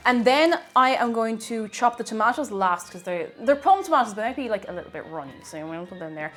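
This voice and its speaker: A woman's voice: on the high side, big pitch swings, fast talker, soft background music. A young Irish woman chatting casually on a cooking live stream in her home kitchen, reading out viewer comments with playful asides.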